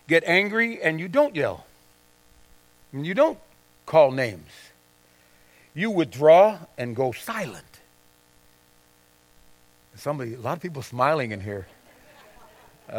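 A man's voice: mid-range voice, big pitch swings, slow, pauses often, no echo. A middle-aged male pastor giving a conversational sermon to a congregation, often acting out quoted voices and asking "right?" and "okay?". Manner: conversational, confessional preaching with acted-out quotes. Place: church sanctuary with congregation.

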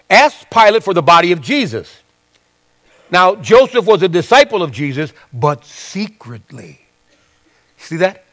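A man's voice: sits high, fairly bright tone. A man preaching a sermon in a conversational way, reading scripture aloud and asking his listeners questions.

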